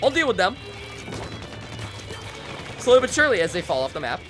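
A young man streaming a video game live, excitable and self-deprecating, talking to his chat as he plays. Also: high-pitched, fairly quick, music in the background. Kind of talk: live gameplay commentary.

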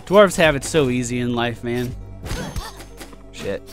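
A man hosting a let's play, giving casual gameplay commentary in an excitable way, swearing often and reacting loudly to loot. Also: medium pitch, slow, faint music behind.

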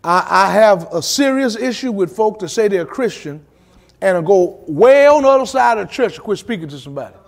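A male pastor leading a Bible study in church, preaching with dramatic pauses, acting out quotes and dropping colloquial asides. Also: high-pitched, animated, gravelly.

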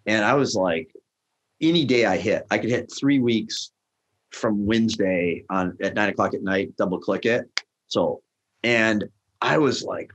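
Man, middle-aged, low voice, animated anecdotes, acts out dialogue. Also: moderate pace. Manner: acts out quoted dialogue with jumps in pitch. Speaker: restaurant tech founder, guest. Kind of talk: animated storytelling in a podcast interview.

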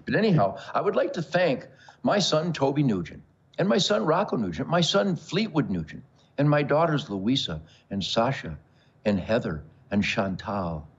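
Boastful older man, husky and animated. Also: mid-range voice, moderate pace, lo-fi sound. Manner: boastful, bombastic, jokey, with frequent laughs. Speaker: show host. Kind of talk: rambling monologue to camera.

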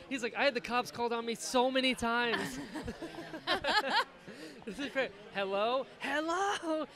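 A man's voice: extremely high pitch, gravelly, a crowd in the background. Easygoing man hosting a podcast. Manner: easygoing, quick to laugh, short agreeing replies. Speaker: podcast host. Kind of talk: casual chat.

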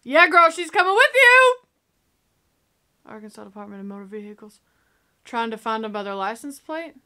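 A young woman hosting a movie reaction, in sassy, excitable casual commentary that talks back to the screen. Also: a little high, moderate pace. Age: young adult.

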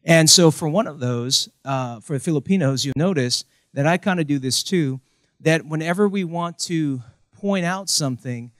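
Young male pastor, comic storyteller sermon, slightly high voice, dry close mic. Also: no room sound. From United States. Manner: animated, acts out quoted voices.

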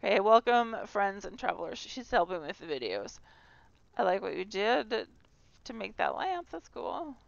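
A woman's voice: mid-range voice, big pitch swings, normal speed, gravelly, no room sound, muffled recording. A woman hosting a casual tour of a game house, chatty, giggly and self-deprecating. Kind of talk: casual gameplay tour commentary.

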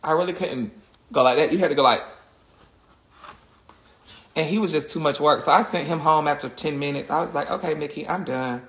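A woman's voice: sits low, fairly quick, pauses often, a bit bright, reverberant. A woman chatting crudely and laughing a lot on a phone livestream. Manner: crude, joking, laughs often. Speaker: social media personality. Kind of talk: casual livestream chat.

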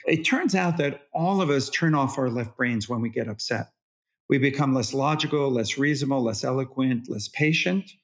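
With a mid-range voice at normal speed, this man appears in an interview as a parenting expert. His delivery is animated and demonstrative as he plays out how parents talk with toddlers.

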